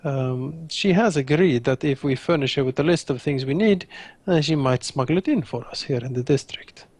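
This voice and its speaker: A man's voice: fairly high pitch, moderate pace, a little mellow, husky, no echo. A tabletop player voicing Raphael, a courteous, honor-bound man, speaking formally with frequent hesitations.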